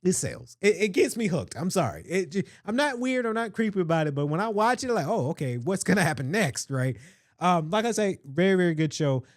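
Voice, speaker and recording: A man's voice: high-pitched, sing-song, brisk, dry recording, clean studio sound. A man hosting a casual solo podcast, rambling and chatty, with lots of fillers and restarts. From Atlanta area, US. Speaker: podcast host.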